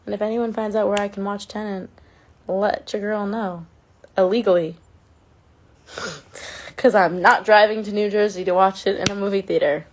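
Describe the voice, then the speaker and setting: A woman's voice: medium pitch, steady tone, moderate pace, long pauses, slight background noise. A woman chatting casually on a phone livestream, reading and answering fan comments in an affectionate way and swearing now and then.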